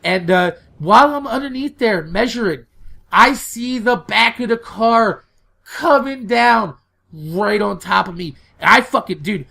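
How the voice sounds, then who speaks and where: Casting note: young male let's-play host with a gravelly, bright voice who swears freely and tells stories with animation. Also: sits high. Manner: profane, animated storytelling, yelling in retold quotes. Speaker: gaming channel host. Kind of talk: casual storytelling over gameplay.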